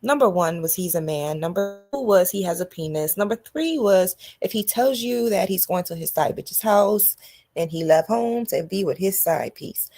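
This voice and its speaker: A woman hosting a podcast, delivering a loud, animated comedic monologue to her listeners. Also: mid-range voice, moderate pace. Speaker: podcast host.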